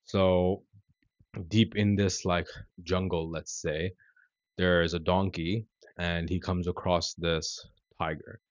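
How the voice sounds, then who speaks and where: A man in his thirties tells a story in an easy, rambling way, with lots of "like" and "you know". His voice sits very low. The sound is dry and dull, as if from a cheap mic. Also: slow pace, dry recording. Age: 30s. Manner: relaxed and conversational, full of "like" and "you know". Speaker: vlogger. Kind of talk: casual storytelling vlog.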